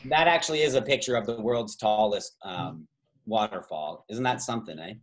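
A man hosting a trivia quiz over a video call, reading out multiple-choice options slowly and drawing out the key words, with chatty asides and quick self-corrections. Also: lowish voice. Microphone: video call microphone.

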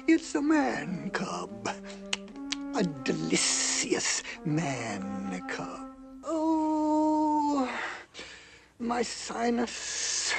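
A woman voicing a hungry, scheming cartoon python with a slow, mock-polite manner. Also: sits high, exaggerated voice. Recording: cartoon clip with loud music.

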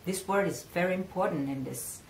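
A woman from Italy with an Italian accent, a singing teacher giving a pronunciation lesson and repeating words slowly for the learner to echo. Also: lowish voice, a little mellow, slight background noise.

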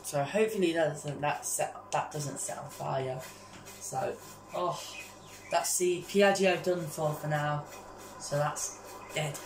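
A woman giving casual gameplay commentary as a vlogger, excitable and constantly calling out to her viewers. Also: low-pitched, slow pace, reverberant, poor audio. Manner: excitable, keeps addressing viewers as guys. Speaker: gaming vlogger.

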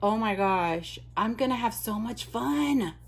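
A woman's voice: fairly high pitch, lively intonation, measured pace, husky. A woman vlogger chatting casually as she unboxes mail, gushing and exclaiming often. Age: adult.

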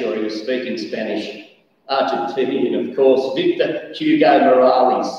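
Man preaching in an echoey hall. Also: mid-range voice. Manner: animated storytelling, bursts of shouting. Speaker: pastor. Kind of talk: sermon. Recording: echoey hall, distant dull mic.

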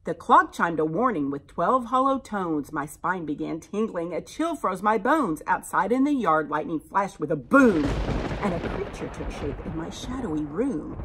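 Woman teacher, expressive picture-book reader, low husky voice. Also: unhurried. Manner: animated, expressive storyteller. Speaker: teacher reading to children. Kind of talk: reading a rhyming picture book aloud.

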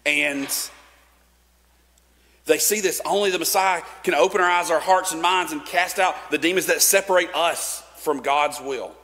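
A man's voice: a little high, fairly bright tone. A man preaching a sermon in a casual, conversational way, with fillers and restarts. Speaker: pastor. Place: church sanctuary. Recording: long church reverb.

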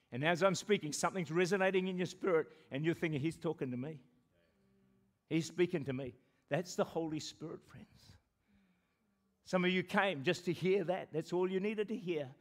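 A New Zealand man preaching to his church, his voice sitting a little high for a man. He moves between animated, joking asides and slow, stretched-out prayers. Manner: animated, laughs often and jokes with the congregation; pleading slowly when quoting prayers. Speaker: pastor. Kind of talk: sermon. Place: church service with a congregation.

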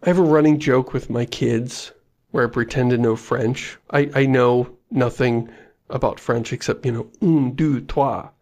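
A man's voice: mid-range voice, steady tone, unhurried, a little mellow. A man co-hosting a podcast in casual chat, jokey and self-mocking, laughing often. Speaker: podcast co-host.

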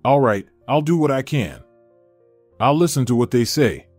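A man's voice: medium pitch, animated, moderate pace, darkish tone, dry recording, natural voice. A man voicing an elderly cleaning woman, speaking urgently and pleadingly in a dry studio recording over faint music. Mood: worried.

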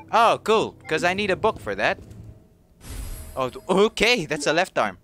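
An excitable man giving casual, jokey commentary while playing a video game. His voice is bright and swings widely in pitch, with faint music behind him. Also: moderate pace, long pauses. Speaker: let's play gamer.

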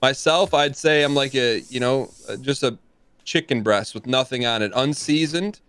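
Laid-back dad gamer with a smooth voice. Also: male voice, medium pitch, normal speed, a bit bright, dry recording. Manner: laid-back, self-deprecating, says dude and man. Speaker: show co-host. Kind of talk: casual stream chat.

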